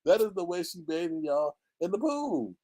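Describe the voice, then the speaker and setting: A man hosting a live stream, gossiping about online drama in a sassy, animated way with sudden high exclamations. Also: normal speed. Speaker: live-stream commentary host.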